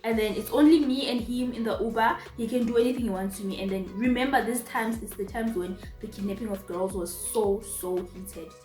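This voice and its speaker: A young Zimbabwean woman telling a storytime vlog casually, with animated, emphatic repetitions. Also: a little high, brisk, few pauses. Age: young adult. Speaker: vlogger. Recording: roomy echo, faint music.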